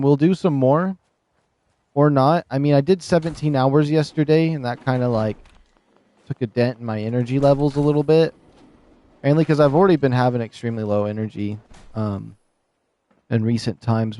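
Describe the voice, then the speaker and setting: A man's voice: mid-range voice, mellow, no echo. A man streaming a video game live, chatting casually and rambling, often laughing, on a desk microphone. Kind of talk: casual live gameplay commentary.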